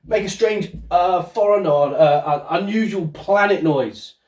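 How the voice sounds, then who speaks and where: Speaking a little slowly in a high, somewhat mellow voice, a male presenter gives a home-school lesson, asking a child coaxing questions in an upbeat manner. The audio is roomy and distant.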